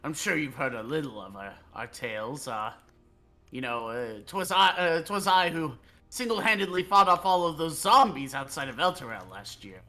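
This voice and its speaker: A man voicing a jovial, boastful dragonborn warrior with a hearty, gruff manner in a tabletop game. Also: on the high side, lively intonation, normal speed, pushed and bright, faint music behind. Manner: hearty, gruff, self-praising.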